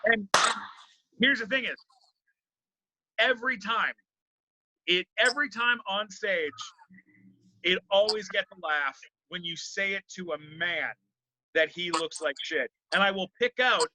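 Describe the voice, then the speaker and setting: A man's voice: high-pitched, a little slow, long pauses, pushed and bright, dry recording, muffled recording. A man, a comedian, chatting casually in an interview, rambling with many fillers and restarts.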